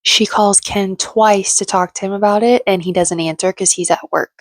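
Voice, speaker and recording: A woman's voice: mid-range voice, steady tone, normal speed, no echo. A young woman recapping a reality show in casual, gossipy, sarcastic chat. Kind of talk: casual chatty commentary.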